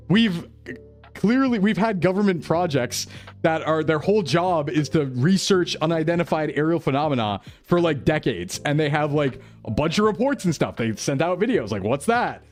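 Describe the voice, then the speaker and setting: A young American man chatting casually with his stream viewers, excitable and loose, full of "like" and "bro". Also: a little high. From United States. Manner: animated, excitable, lots of "like" and "bro".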